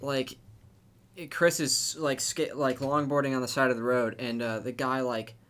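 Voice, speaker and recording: A young man co-hosting a podcast in casual chat, crude and halting, with many stops and restarts. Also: medium pitch, level tone, fairly bright tone. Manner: crude, halting, lots of fillers. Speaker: podcast co-host.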